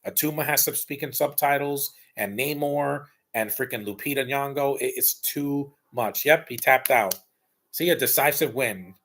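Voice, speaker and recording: Guy ranting thru a movie watch-along, blunt n rambly, regular pitch. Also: normal speed, fairly bright tone. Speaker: live movie commentator. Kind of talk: casual opinionated watch-along commentary.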